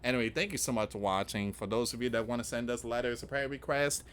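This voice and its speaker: A man's voice: medium pitch, fast, fairly bright tone, slight background noise. A man hosting an online news channel, talking casually to viewers in a rambling, repetitive way. He reads news items aloud and reacts with rhetorical questions. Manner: rambling, repetitive, often restarting with "again" and "guys". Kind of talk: casual political commentary to viewers.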